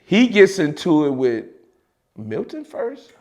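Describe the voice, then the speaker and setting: A man with a Chicago accent telling a story in a casual, animated way, with slang and loose restarts. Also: fairly high pitch, takes it slowly. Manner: animated, mimics voices of others in quotes, frequent laughs and slang.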